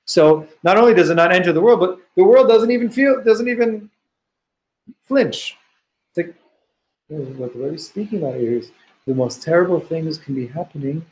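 A man's voice: sits high, expressive, moderate pace, a little mellow, low-quality recording. A man teaching a study session. He reads Hebrew passages aloud and explains them in an earnest, searching way, often restarting his phrases. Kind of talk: text study lesson.

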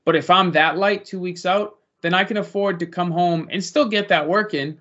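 Young male fighter, relaxed rambling guest, slightly raised voice, muffled recording. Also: high-pitched, moderate pace. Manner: easygoing, rambling with fillers. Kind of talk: casual interview answers. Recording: lo-fi muffled audio.

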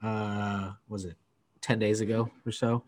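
A man's voice: lowish voice, level tone, measured pace, a little mellow. A man in his thirties, co-hosting a casual podcast chat and telling stories in a laid-back way with plenty of fillers. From Mexico. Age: 30s. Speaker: podcast co-host.

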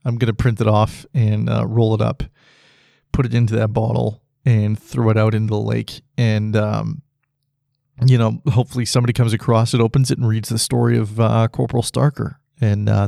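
A man's voice: on the low side, gravelly, warm tone, dry recording, studio quality. A man hosting a solo podcast, rambling casually and laughing at his own jokes. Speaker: podcast host.

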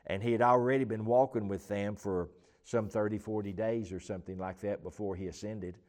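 A man's voice: on the low side, fairly even intonation, fairly quick, a little mellow. A man teaching the Bible in an informal chat, talking in a rambling, emphatic way with many restarts and fillers.

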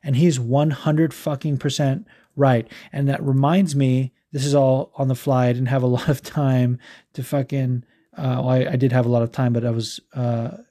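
Brief: male podcast host, mellow dark tone, angry swearing rant, trips over words. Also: medium pitch, little pitch movement, normal speed. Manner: heated, profane, stumbling restarts. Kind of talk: casual ranting podcast talk.

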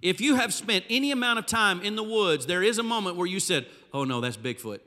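A man preaching a sermon as a pastor, telling the story with animated, dramatic flair in a large church hall. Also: sits high, brisk. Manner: animated, dramatic storytelling with vivid, sweeping delivery.

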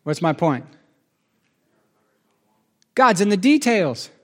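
A man's voice: high voice, sing-song, takes it slowly. A man preaching a sermon in a conversational, joking way, with asides to the audience.

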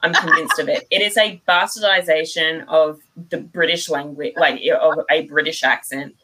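A woman's voice: low voice, fairly even intonation, moderate pace, bright, forceful tone, low-quality recording. A woman in her thirties with an Australian accent, a guest author talking frankly and with self-mocking humour in a casual interview.

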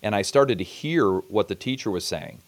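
A man hosting an interview, measured and reflective, steering the talk with questions. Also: lowish voice, expressive. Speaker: podcast host. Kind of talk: conversational interview.

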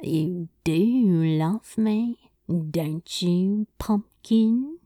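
A woman voicing a sly, teasing male demon in an audiobook reading, with excited outbursts. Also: mid-range voice, extremely slow, dry recording, clean studio sound.

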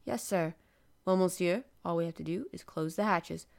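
A woman voicing a calm, courteous middle-aged male sea captain in a storybook reading, speaking in a composed, polite way. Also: fairly low pitch, moderate pace, gravelly.

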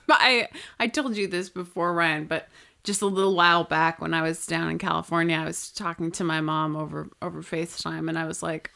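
A woman's voice: deep voice, steady tone, brisk, gravelly, pushed and bright. A woman co-hosting a casual podcast, reacting expressively and swearing freely. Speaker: podcast co-host.

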